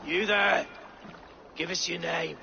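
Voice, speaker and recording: An actor playing a hostile soldier, speaking slowly and with menace. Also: male voice, a little high, fairly even intonation, vocal fry, pushed and bright, highs cut off, a little hiss or hum, heavily acted. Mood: threatening. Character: hostile English camp soldier, threatening.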